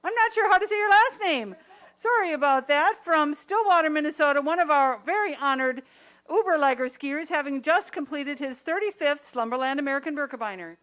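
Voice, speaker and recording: A woman's voice: sits high, lively intonation, a little fast, fairly bright tone. A woman announcing skiers at a race finish line, welcoming each finisher by name in an upbeat way. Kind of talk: live race-call announcing.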